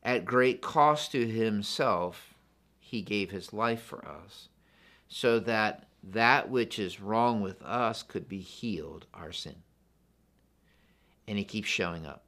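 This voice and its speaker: A man's voice: fairly low pitch, slow, fairly bright tone. A man preaching a sermon in a church, earnest and repetitive, often asking the congregation questions. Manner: earnest, asks the congregation questions, repeats phrases. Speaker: pastor.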